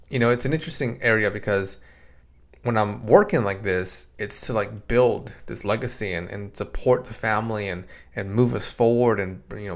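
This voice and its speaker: A man in his thirties or forties hosting a casual solo podcast from a home studio, talking through advice in a conversational way, often repeating words and acting out quoted exchanges. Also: lowish voice. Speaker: podcast host and practice consultant. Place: home podcast room in a basement.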